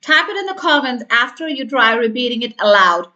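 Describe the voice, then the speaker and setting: Female tutor, bright higher voice, upbeat coaching delivery, models examples slowly. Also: very animated, muffled recording. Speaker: test prep teacher. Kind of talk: scripted tutorial.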